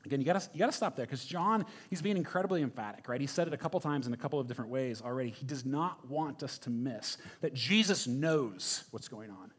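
A man's voice: medium pitch, lively intonation, fast talker, hardly any pauses, breathy edge. A man preaching a sermon in a conversational, emphatic way, often checking in with the listeners. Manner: conversational, emphatic, frequent "right?" asides. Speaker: pastor.

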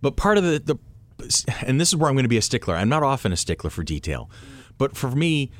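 A man with a mid-range voice talks fast while co-hosting a casual group chat. He's animated and often circles back, restarting his thoughts partway through a sentence.

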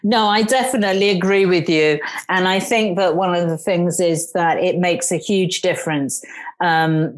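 Lively storytelling woman. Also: fairly low pitch. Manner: lively storyteller, acts out voices in quotes. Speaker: guest. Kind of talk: casual conversation, anecdotes.

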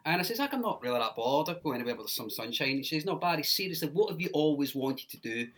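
A man, a former radio presenter telling stories loudly with laughter in a casual chat. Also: fairly high pitch, lively intonation, racing. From England. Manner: loud, laughing storyteller.

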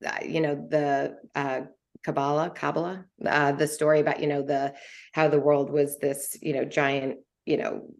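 Low-voiced woman chatting emotionally. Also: level tone, gravelly. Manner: emotional, halting, full of restarts. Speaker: podcast panelist. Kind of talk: casual podcast book discussion.

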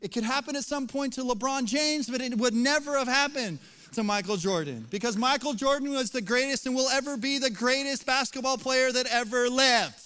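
Preaching in a church sanctuary, this middle-aged man has a very high, bright, forceful voice and a brisk pace. As pastor, he jokes conversationally before building to emphatic points, with the big hall's long reverb around him.

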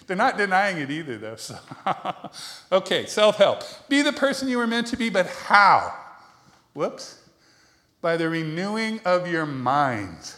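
A man's voice: a little high, fairly bright tone. A man giving a conversational sermon to a congregation, chatty and self-deprecating, laughing often and asking the room questions. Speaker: preacher.

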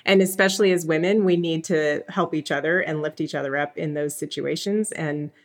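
A woman's voice: deep voice, steady tone, brisk. A woman hosting an interview podcast, speaking to her guest in a supportive, encouraging way. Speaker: podcast host.

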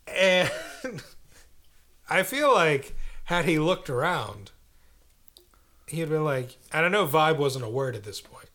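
A man's voice: on the high side, expressive, takes it slowly, long pauses, fairly bright tone. A young man, a podcast co-host, telling a story in casual chat with a dry, wry manner.

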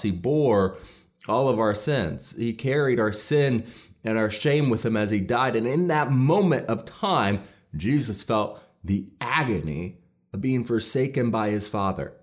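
Male pastor, mid-range voice, earnest and emphatic sermon delivery. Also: mid-range voice.

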